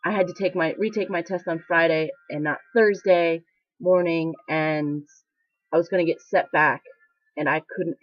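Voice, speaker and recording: A woman's voice: on the low side, steady tone, normal speed, no echo. A young woman in military training, talking candidly in a casual confessional vlog, rambling and emotional with many fillers. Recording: dry, slightly dull lo-fi sound.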